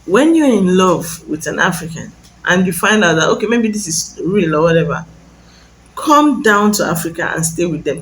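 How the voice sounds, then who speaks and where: A woman's voice: on the low side, big pitch swings, normal speed, low-quality recording. Woman, emphatic casual advice; faint noise behind. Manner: warning, emphatic, repeats phrases. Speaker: social media commentator.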